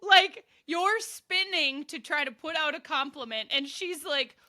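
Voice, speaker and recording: Woman, young adult, high bright voice, teasing, casual chat. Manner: teasing, quick reactions, frequent laughter. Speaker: podcast co-host.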